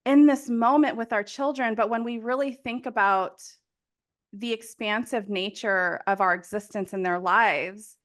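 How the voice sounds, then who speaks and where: A woman's voice: a little high, fairly even intonation, unhurried, a bit bright. A woman in her thirties hosting a podcast, talking emotionally and rambling, often laughing. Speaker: podcast host. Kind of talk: casual conversation.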